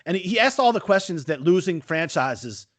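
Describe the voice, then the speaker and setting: Male podcast co-host, high lively voice, dry close mic, keeps arguing with rhetorical questions. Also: moderate pace, dry recording. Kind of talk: casual sports betting podcast chat.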